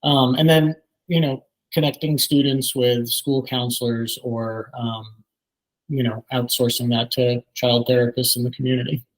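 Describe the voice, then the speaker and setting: A man's voice: medium pitch, flat delivery, normal speed, low-quality recording. Therapist guy teaching a workshop, lots of ums, easygoing talk. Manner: many ums, conversational teaching. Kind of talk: training presentation.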